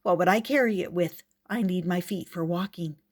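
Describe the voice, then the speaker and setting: A woman voicing a vain, hungry male tiger with slow, strutting boasts. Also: on the low side, darkish tone, natural voice. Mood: boastful.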